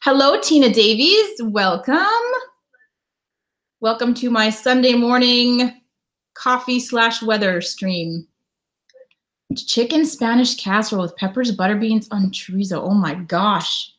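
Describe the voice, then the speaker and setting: A woman's voice: on the high side, a little slow, a bit bright. A Canadian woman in her thirties hosting a casual live stream from home, greeting viewers and chatting about her day. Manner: chatty, reads viewer comments aloud and greets them. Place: home in winter.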